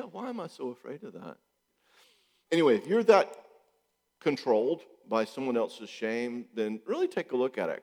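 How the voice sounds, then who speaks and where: A man's voice: lowish voice, long reverb tail. A middle-aged man, a psychologist, talking casually about relationships, firing off rhetorical questions and repeating points for emphasis. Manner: animated, acts out quotes in voices, rhetorical questions, repeats for emphasis.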